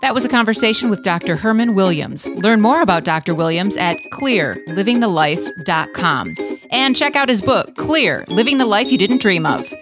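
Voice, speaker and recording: A woman hosting a podcast, interviewing calmly and affirming her guest, then reading the show's closing lines. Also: mid-range voice, normal speed, over music. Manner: calm, affirming. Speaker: podcast host. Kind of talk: interview and show outro.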